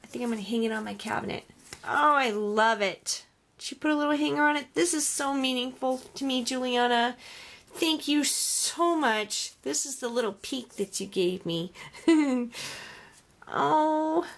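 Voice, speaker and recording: A woman's voice: high voice, moderate pace, vocal fry, a bit bright. A woman vlogger chatting casually as she unboxes craft gifts, gushing, exclaiming and often sighing.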